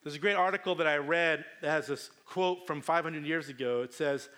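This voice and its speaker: A middle-aged man preaching a sermon, telling stories with lively acted-out voices. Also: fairly high pitch, brisk, few pauses. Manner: animated storytelling with acted-out voices. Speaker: pastor.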